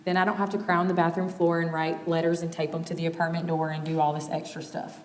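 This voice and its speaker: A woman in her thirties giving a candid, conversational talk on marriage, acting out quoted exchanges with animated energy. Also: deep voice, fast, hardly any pauses, a little hiss or hum. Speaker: speaker teaching on marriage. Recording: long reverb of a large hall.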